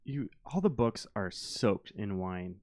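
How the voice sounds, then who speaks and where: A man's voice: fairly low pitch, animated, slow pace, a little mellow, dry recording, studio quality. A man running a tabletop game as game master, narrating and laughing often.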